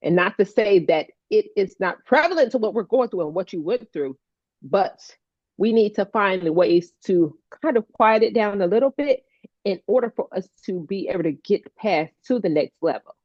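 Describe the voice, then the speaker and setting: A woman co-hosting a heartfelt casual chat, animated and playful, laughing often. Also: mid-range voice, normal speed, no echo, lo-fi sound. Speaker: co-host, stroke survivor advocate.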